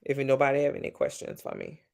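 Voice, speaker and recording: A woman from Louisiana with a Southern accent hosts a livestream, chatting casually with viewers and swearing freely. She talks fast in a gravelly, slightly mellow voice, her pitch swinging hugely up and down.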